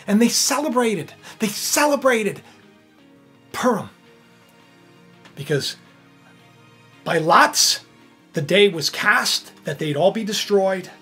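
Casual bible teacher guy, husky voice, chatty, animated storytelling. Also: high-pitched.

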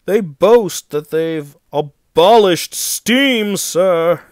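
A man's voice: sits high, lively intonation, extremely slow, a little mellow, no room sound, clean studio sound, pitched above the performer's own voice, full character voice. A man voicing a proud, pompous big male steam engine who talks in a haughty, huffy way. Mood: gloomy.

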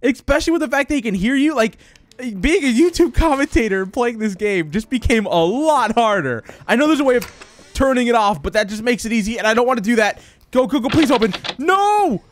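A young man commentating a horror game for his channel, jumpy and excitable, dropping to hushed whispers and breaking into panicked yelps. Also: very high-pitched, brisk, no room sound. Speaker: gaming YouTuber.

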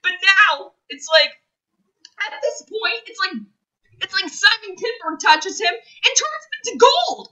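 A woman's voice: extremely high pitch, animated, a little slow, sharp tone, rough recording. A young woman reviewing a film in a casual monologue, gushing and repeating herself as she gets emotional. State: choked up, near tears.

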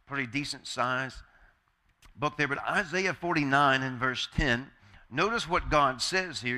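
A man's voice: mid-range voice, unhurried, sharp tone. A man preaching a sermon as pastor, emphatic and repeating key phrases, asking the congregation call-and-response questions.

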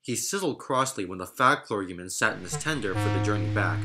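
A man with a low voice narrates a storybook, his pitch moving in lively swoops through the sentences. His reading is expressive and animated. Loud music plays behind him. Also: a little fast.

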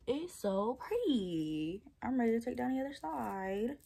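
Gravelly-voiced young Southern woman chatting. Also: on the high side, big pitch swings, unhurried, dark tone. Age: 20s. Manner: chatty, laughing, playful asides to viewers. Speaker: vlogger. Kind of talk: casual chat while taking down twists.

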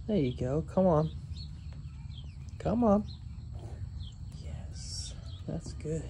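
A man chatting casually to viewers outdoors on a farm, coaxing his goats in a gentle sing-song. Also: a little high, expressive, extremely slow, creaky, long pauses, slight background noise. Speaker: homesteading vlogger. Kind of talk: casual vlog chat.

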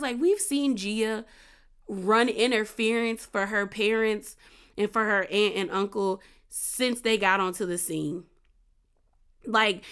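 A young woman recaps a reality series in a loose, conversational way. She's opinionated and animated about the drama, slipping into little voices when she quotes the cast. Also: mid-range voice. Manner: chatty, opinionated, quotes people in little acted bits. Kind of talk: casual commentary recap.

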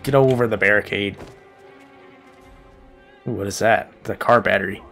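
A man's voice: on the low side, moderate pace, vocal fry, a bit bright, faint music behind. A man giving joking, profane gameplay commentary, talking to himself as he plays. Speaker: gaming YouTuber.

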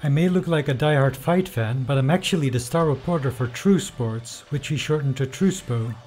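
A man's voice: medium pitch, moderate pace, a little mellow, soft background music, lightly acted. A man voicing a gossipy male sports reporter who poses as a fight fan, boastful and eager about headlines.

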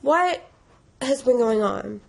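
A woman's voice: a little high, lively intonation, slow, creaky. A young woman vlogging casually, rambling and emotional, tearful and stressed while laughing through it. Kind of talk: casual confessional vlog.

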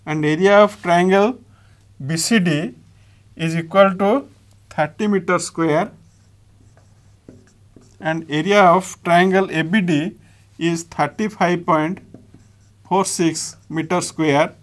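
Slow Indian English maths teacher, man. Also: a little high. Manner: slow, step-by-step dictation while writing. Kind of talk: blackboard maths lesson.

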